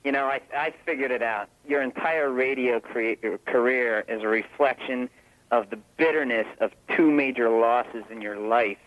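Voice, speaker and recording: A man calls in to mock the host with insults. His voice sits at a middle pitch. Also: moderate pace, muffled recording. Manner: mocking insults. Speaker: caller.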